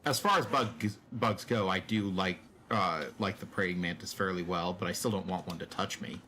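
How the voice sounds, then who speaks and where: Man, low voice, joking, casual gaming stream chat. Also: moderate pace, pushed and bright, a little hiss or hum. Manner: joking, laughs easily.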